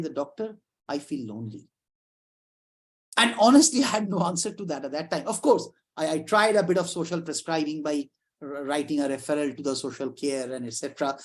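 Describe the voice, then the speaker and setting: A middle-aged woman psychiatrist lectures informally over a video call. Her delivery is lively and conversational, with her voice sitting at an ordinary middle pitch. She keeps restarting phrases and slipping in side remarks. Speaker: psychiatrist giving a talk.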